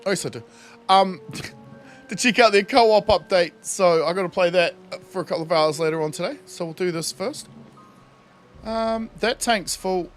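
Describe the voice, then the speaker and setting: A young man casually commenting on his game during a livestream, laughing often and swearing freely. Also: a little high. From New Zealand. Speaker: streamer.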